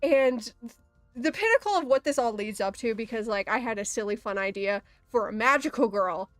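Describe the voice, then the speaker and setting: A woman's voice: a little high, expressive, brisk, no echo, faint music behind. A young woman chatting casually while drawing, telling a story with lots of swearing and frequent laughter. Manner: profane, laughing often, storytelling. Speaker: artist streamer.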